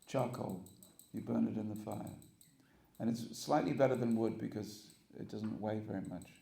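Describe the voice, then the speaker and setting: Speaking at a normal speed in a gravelly voice on the low side, a man preaches a storytelling sermon to a congregation in a temple hall, animatedly voicing the characters, and the sound is roomy.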